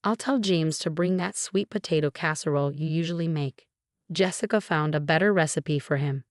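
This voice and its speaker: A woman's voice: deep voice, normal speed, no room sound, studio quality, lightly acted. A woman voicing a cold, scheming mother-in-law in a storybook narration, with a clipped, cool delivery.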